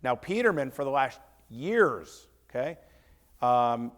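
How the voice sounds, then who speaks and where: A man's voice: mid-range voice, slow. A man speaking at a business seminar, telling a story and acting out his conversations with staff, with many restarts. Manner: animated storyteller acting out dialogue, lots of restarts. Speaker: seminar speaker, martial arts school owner. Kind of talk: storytelling talk to a seminar audience.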